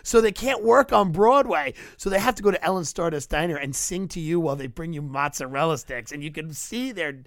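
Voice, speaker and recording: A man's voice: fairly high pitch, expressive, a little fast, few pauses, fairly bright tone, no echo, clean studio sound. A young man, rambling through comic stories on a podcast and mocking the people he talks about. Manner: rambling storyteller, acts out tourists in mocking voices. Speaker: podcast guest. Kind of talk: casual comedic chat.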